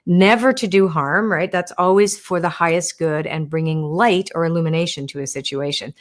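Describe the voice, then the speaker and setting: A woman hosting a live stream, chatting as she answers viewer questions about oracle cards, explaining gently with lots of "right?" and "you wanna.". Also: fairly low pitch, moderate pace.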